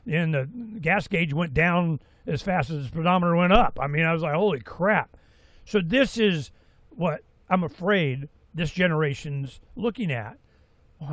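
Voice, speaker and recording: A man in his sixties giving a rambling, folksy talk-radio monologue as host, with animated asides. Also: on the high side, no echo. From Florida, USA. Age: 60s.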